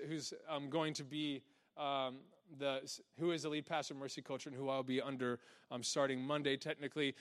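Young male pastor, slightly high voice, animated sermon delivery, laughs a lot, acts out quoted lines. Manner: energetic, laughing, acts out quotes in soft low voice.

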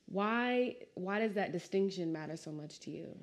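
A woman hosting a casual interview, talking with lively, emotional bursts. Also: mid-range voice, moderate pace, hardly any pauses. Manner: warm, emotional, animated bursts. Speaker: podcast host.

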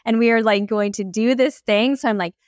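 A woman's voice: a little high, brisk, no echo, clean studio sound. A woman coach and podcast guest telling stories with energy, acting out her own inner dialogue. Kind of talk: energetic storytelling in an interview.

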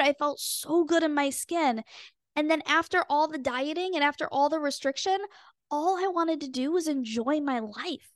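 A young woman hosting a podcast, telling a personal story in an earnest, expressive way and acting out her own past thoughts. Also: high voice, normal speed, no room sound, studio quality. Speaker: podcast host and weight loss coach.

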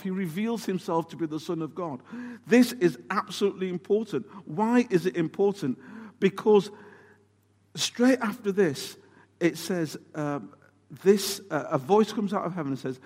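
A man preaching a sermon, telling the story in an animated, emphatic way and asking rhetorical questions. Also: high-pitched, normal speed. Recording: long hall reverb.

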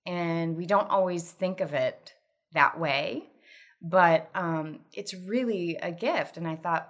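A woman's voice: lowish voice, slow pace. A woman appearing as a podcast guest, chatting casually and laughing easily. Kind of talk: casual chat.

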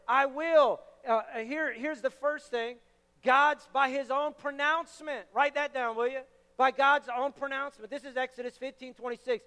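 Young male pastor, bright high voice, animated sermon delivery with shouted peaks, reverberant hall. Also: normal speed. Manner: animated, storytelling with loud shouted bursts.

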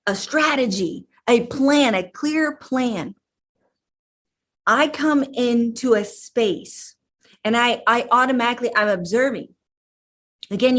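A woman's voice: on the high side, a bit bright. A woman life coach giving a motivational talk, emphatic and repetitive, rallying her listeners.

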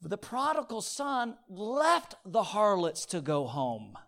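Male preacher, sermon, calls for amens, hushed then loud, fairly high voice. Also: wildly swooping pitch, slow pace, creaky. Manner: swings from quiet, near-whispered points to loud, pleading repetition; call-and-response, asking the audience for amens.

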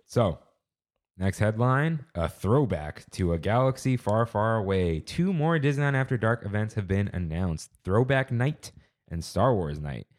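A man's voice: on the low side, expressive, unhurried. A man co-hosting a casual podcast, reading news headlines and joking with wry disbelief. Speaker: podcast co-host.

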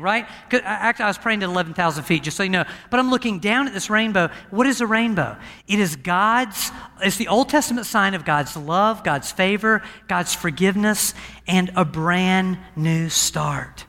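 A man preaching as pastor, telling a personal story in a conversational, animated way to a church. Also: high voice, moderate pace. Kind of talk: sermon. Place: church sanctuary with a balcony. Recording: church hall reverb.

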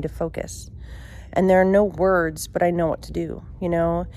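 An adult woman recounts a childhood memory in the present tense. Her voice sits on the low side and her delivery is halting and emotional, full of pauses, fillers and restarts as she works through the story. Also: fairly even intonation, dark tone. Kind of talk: personal storytelling.

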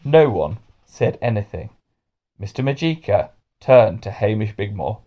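A man reading a children's storybook aloud with expressive delivery. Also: on the low side, a little slow.

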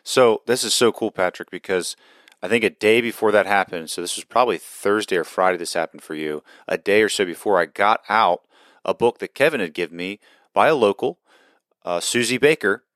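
A man hosting a faith talk show, speaking in a calm, measured way. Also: sits low, no room sound, studio quality. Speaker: host. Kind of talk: casual talk with read-aloud passage.

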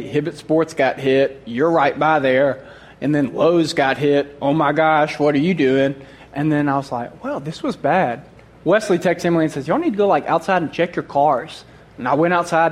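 Man, storyteller, somewhat high voice, lively, comic asides, laughs mid-sentence. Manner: animated, acts out his own quoted thoughts, laughs often. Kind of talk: humorous personal story to a group.

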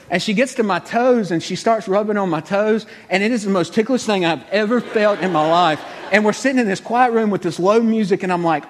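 A man's voice: high voice, quick pace, in a large hall. A man telling a comic story in a folksy, exasperated way.

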